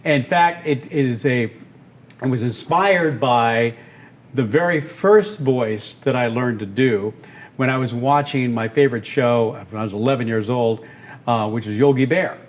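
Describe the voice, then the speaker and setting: A man in his seventies from Texas, an animated storyteller and voice actor being interviewed on a podcast. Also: medium pitch, a little slow. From Texas, United States. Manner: animated, breaks into character voices. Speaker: guest, voice actor and radio host.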